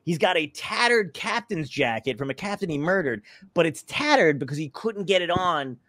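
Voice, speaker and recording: A man hosting a casual comedy podcast, excitable and quick to laugh, with lots of swearing and restarts. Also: fairly high pitch, no echo. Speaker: podcast host.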